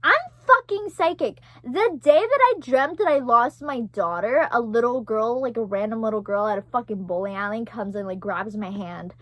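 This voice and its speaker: A young woman telling a story in a casual vlog, animated and profane, with many fillers. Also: on the high side, normal speed, hardly any pauses, no echo. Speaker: vlogger.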